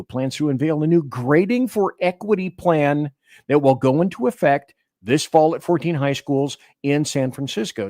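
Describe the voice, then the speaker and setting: A man's voice: on the high side, darkish tone, dry recording, clean studio sound. A man hosting a political talk radio show, delivering emphatic commentary and reading listener chat aloud. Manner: emphatic, declamatory.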